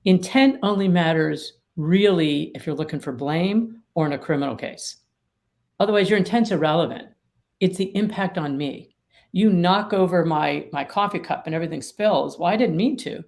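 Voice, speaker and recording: A woman's voice: lowish voice, moderate pace, vocal fry, darkish tone. A middle-aged woman, an attorney mediator and author, explaining her ideas emphatically with vivid everyday examples in an interview. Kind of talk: interview conversation.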